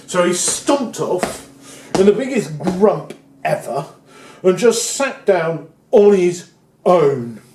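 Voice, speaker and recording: Male storyteller, children's story, animated, lively pitch, roomy echo. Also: slow pace, a little hiss or hum. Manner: animated, playful. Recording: echoey room.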